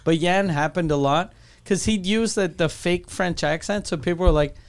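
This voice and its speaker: A man's voice: sits high, moderate pace, clean tone. A man co-hosting a podcast, telling rambling, crude stories in casual chat. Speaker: podcast co-host.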